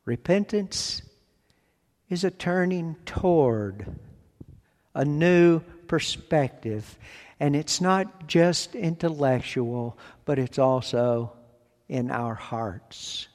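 A man preaching a sermon from the pulpit, speaking in slow, deliberate phrases with long pauses. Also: fairly high pitch, expressive, a little mellow. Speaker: pastor. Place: church sanctuary. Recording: long hall reverb.

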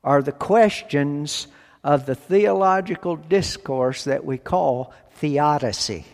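A man preaching a sermon from the pulpit, speaking in slow, deliberate phrases with long pauses. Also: a little high, a little mellow. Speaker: pastor. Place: church sanctuary. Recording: long hall reverb.

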